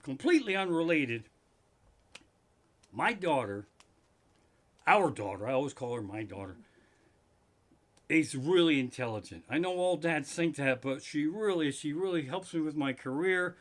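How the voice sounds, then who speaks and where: A middle-aged man hosting a live stream from his living room, telling a profane comic story that builds into loud, swearing rants. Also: a little high, animated, normal speed, long pauses.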